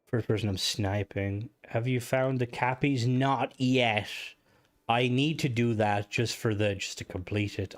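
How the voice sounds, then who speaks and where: A man's voice: mid-range voice, a little slow. A man streaming a video game live, chatting casually with viewers, swearing freely and reacting aloud to what happens on screen. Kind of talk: casual live gameplay commentary.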